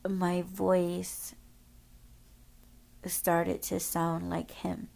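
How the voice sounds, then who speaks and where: A woman's voice: lowish voice, monotone, extremely slow, vocal fry, a little mellow. A woman podcast host telling a story casually, rambling, swearing often and using lots of filler words.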